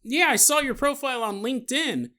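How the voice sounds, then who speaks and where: A man voicing a smarmy French official in his sixties, putting on a French accent and fawning over a young woman with repeated flattery. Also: very high-pitched, fairly quick, pitched above the performer's own voice. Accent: put-on French. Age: 60s (figure).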